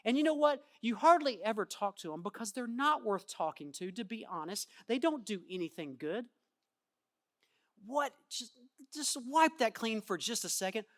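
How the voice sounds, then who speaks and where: Animated male pastor preaching. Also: high-pitched, moderate pace. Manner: animated, acts out quoted voices, swings from loud to quiet. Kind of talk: sermon. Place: church.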